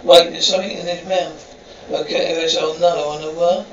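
A man talking as a reality game show contestant, telling the story in an excitable, rambling confessional. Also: a little high, normal speed. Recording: roomy, distant, dull, faint hiss.

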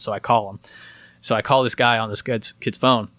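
A man's voice: medium pitch, no echo. Dry-sounding young man telling a story. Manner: animated, fast storytelling with lots of quoting. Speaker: podcast co-host. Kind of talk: casual storytelling chat.

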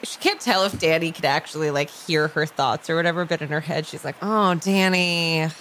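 A woman's voice: low voice, steady tone, quick pace, a bit bright, slight background noise, poor audio. A woman playing a tabletop game, talking in a hesitant, giggly way. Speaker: player.

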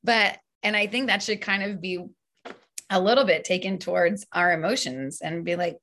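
A woman's voice: lowish voice, moderate pace. A young woman, a singer-songwriter guest, chatting openly and laughing often in a casual interview. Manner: open, animated, laughs often.

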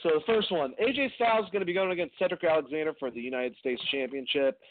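Animated man, slightly high voice, swearing, casual podcast host, tinny dry phone sound. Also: quick pace, slight background noise.

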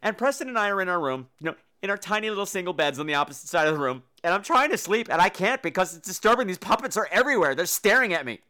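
A podcast host tells a personal story in a theatrical, comedic style, acting out quotes and swearing freely. His voice sits high and he talks very fast, with hardly any pauses, animated throughout.

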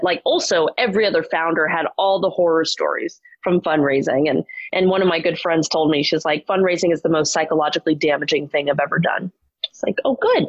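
A woman's voice: fairly low pitch, dry recording. A woman in her thirties, a startup founder telling her story candidly, with lots of "like" and restarts. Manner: chatty, frequent "like" fillers and restarts. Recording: muffled lo-fi audio.

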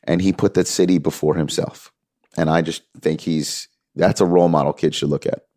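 A man's voice: rumbling low, fairly even intonation, moderate pace, warm tone, no echo, studio quality. A man in a candid interview, telling a story earnestly and acting out quoted dialogue. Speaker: music manager, interview guest.

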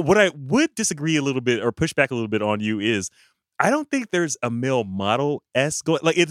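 A man co-hosting a podcast, talking about films casually with halting restarts and frequent laughs. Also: medium pitch, a bit bright, no room sound, clean studio sound. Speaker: podcast co-host. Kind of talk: casual film discussion.

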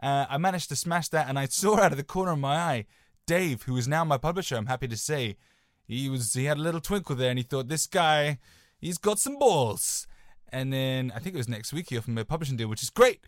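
A man's voice: mid-range voice, fast talker, no room sound, studio quality. A young man co-hosting a podcast, chatting casually and rambling through anecdotes with lots of "sort of" hedges. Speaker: podcast co-host.

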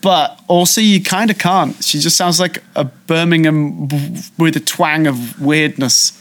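A man co-hosting a podcast in casual chat, talking in a chatty, animated way. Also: fairly high pitch, unhurried. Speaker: podcast co-host.

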